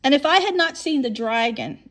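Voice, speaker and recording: A woman's voice: high voice, expressive, fairly quick, a bit bright. A woman in her fifties telling a long personal story in a monologue, rambling and often repeating or restarting her words.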